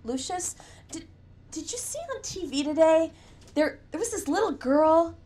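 A woman's voice: extremely high pitch, expressive, measured pace, mellow, pitched above the performer's own voice. A woman voicing a male prison inmate calling anxiously through the bars in an audiobook. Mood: alarmed.

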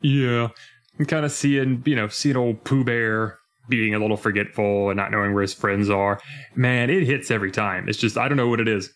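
A young man co-hosting a casual podcast, animated and jumping into mock voices as he retells scenes. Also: lowish voice, normal speed. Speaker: podcast co-host. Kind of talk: casual chat.

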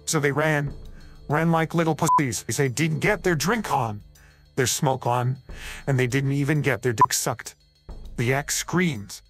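A man's AI-cloned voice giving deadpan scripted storybook narration full of crude jokes. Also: mid-range voice, moderate pace, faint music behind.

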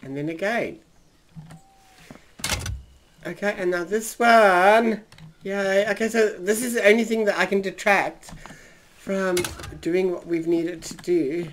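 A drag queen, a man, giving camp, theatrical gameplay commentary from a trailer, calling everyone darling, his voice turning slightly husky. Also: high voice, slow, pauses often, noisy background. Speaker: drag queen gaming streamer.

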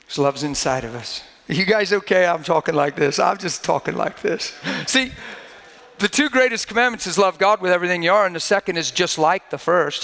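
Man, preacher, high voice, conversational sermon, fervent emphasis, echoing hall. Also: a bit bright. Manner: acts out quoted voices mockingly.

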